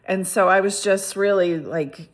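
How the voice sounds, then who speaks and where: On her vlog, a woman with a medium-pitched voice casually and unhurriedly tells a personal story. She rambles with frequent restarts and asides, retelling events in a lively, exclamatory way.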